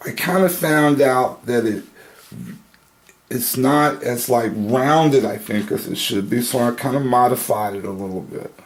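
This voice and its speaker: A man's voice: medium pitch, slight background noise. A man giving a casual hands-on tutorial, thinking aloud as he cuts and pins. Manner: slow, relaxed, thinking aloud while cutting and pinning. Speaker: handbag-making instructor.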